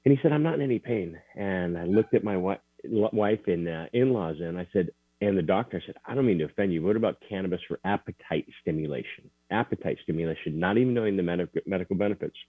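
A man recounting a personal story as an interview guest, earnest and halting, with many restarts. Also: low voice, no room sound. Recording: tinny dry phone line.

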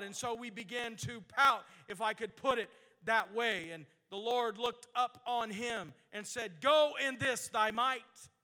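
A man preaching a sermon, reading scripture slowly in old-fashioned wording and building to fervent exhortation. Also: extremely high pitch, sharp tone, long reverb tail. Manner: reads scripture in slow King James cadence, then builds to fervent exhortation.

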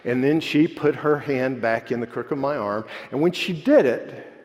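A man preaching a sermon, moving between animated preaching and soft, quiet storytelling. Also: mid-range voice, moderate pace. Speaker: pastor. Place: church sanctuary. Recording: long hall reverb.

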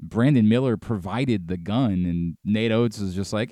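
A man's voice: on the low side, moderate pace, warm tone, no room sound, studio quality. A man hosting a sports talk radio show, giving heated opinions with emphatic repetition.

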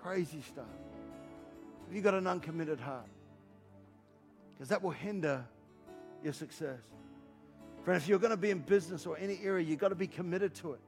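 A man in his fifties delivers an energetic sermon in a high, gravelly voice. He jokes with the congregation and hammers home his points with repeated questions, while soft music plays underneath. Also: normal speed, pauses often. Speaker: pastor. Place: church hall.

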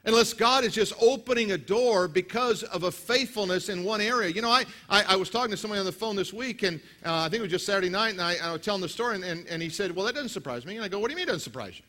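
A man preaching a sermon as pastor, telling stories with acted quotes and lively delivery. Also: high voice, fast talker, hardly any pauses. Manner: storytelling, animated with acted quotes.

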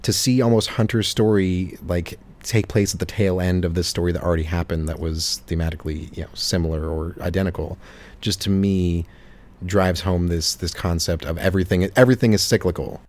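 A man's voice: low-pitched, fairly even intonation, fairly quick, a little mellow. A young man co-hosting a casual podcast discussion, earnestly building his argument. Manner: earnest, builds a case insistently. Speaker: podcast co-host.

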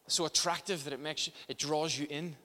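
A man's voice: a little high, fairly even intonation, quick pace, pushed and bright, long reverb tail. A man preaching a sermon as pastor in a church, impassioned, often restarting and repeating words.

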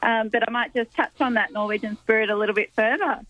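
A woman's voice: on the high side, quick pace, lo-fi sound. A woman from a cruise line, promoting a refitted ship in a cheerful radio interview. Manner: upbeat, promotional.

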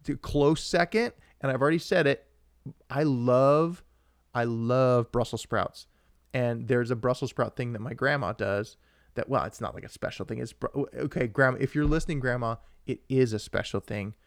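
Excitable man chatting on a podcast. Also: medium pitch, normal speed, dry recording, studio quality. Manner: rambling and excitable, with frequent restarts and asides to viewers. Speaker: podcast co-host. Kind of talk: casual live-stream chat.

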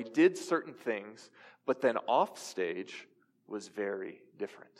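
Young male pastor, mid-pitched, conversational sermon, echoing hall. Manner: conversational preaching with audience questions. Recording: reverberant hall.

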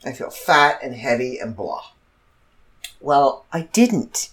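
A middle-aged woman telling a story in casual chat, animated and laughing as she acts out the other people. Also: a bass voice, takes it slowly. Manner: animated, laughs through her story, quotes others in shifting voices. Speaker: vlogger.

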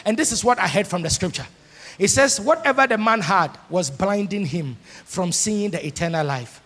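A pastor preaching a sermon, moving from soft asides to shouted, sung-out lines. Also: male voice, high voice, lively intonation, moderate pace. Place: large church hall. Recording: long church hall reverb.

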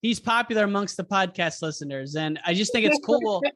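A podcast host talks in a loose, rambling way, piling up fillers before each question. The voice sits at a middle pitch and keeps a friendly conversational flow. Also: lively intonation, a little fast, fairly bright tone. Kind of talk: casual interview chat.

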